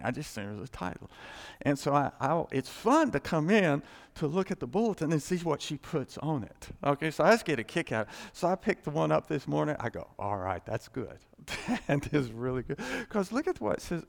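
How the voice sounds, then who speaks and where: Male pastor, chatty sermon delivery, very gravelly, lively pitch swings. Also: brisk. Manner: conversational, chuckling, acting out little quoted exchanges. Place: church sanctuary. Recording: long hall reverb.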